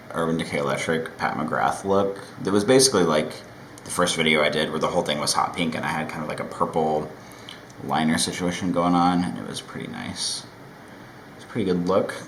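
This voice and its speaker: A man with a deep, low voice chats casually through a makeup tutorial, relaxed and rambling, with a self-deprecating streak. He is recorded at home in a roomy, echoey space. A faint noise sits underneath. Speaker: makeup vlogger.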